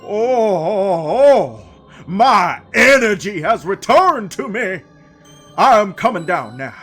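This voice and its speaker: A man doing a loud, formal hungry Goron. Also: high-pitched, big pitch swings, slow pace, soft background music, voice pushed up, heavily acted. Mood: excited. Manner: loud, formal, gushing over food. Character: hungry male Goron stuck up high, polite and grateful.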